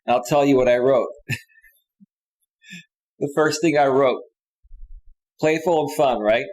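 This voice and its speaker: A middle-aged man hosts a live stream as a dating coach, his voice sitting in a middle pitch. He tells stories with animation and gets louder and higher when reading messages aloud. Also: measured pace, poor audio. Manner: animated storytelling, reads messages aloud in a raised voice.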